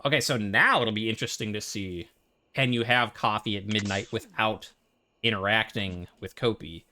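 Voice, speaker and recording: Bright, rambling male game streamer. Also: on the low side, normal speed, a little hiss or hum. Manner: rambling, jokey, full of restarts. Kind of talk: casual let's-play commentary.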